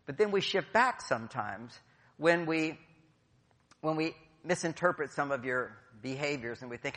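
A man's voice: a little high, expressive, normal speed, a bit bright. A middle-aged man giving a playful, jokey talk to a live audience, acting out quotes as he goes. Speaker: speaker at a conference. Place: large hall. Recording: long hall reverb.

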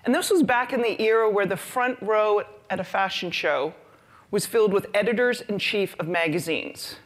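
Lively storytelling woman speaker. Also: mid-range voice, moderate pace. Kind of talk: conference talk.

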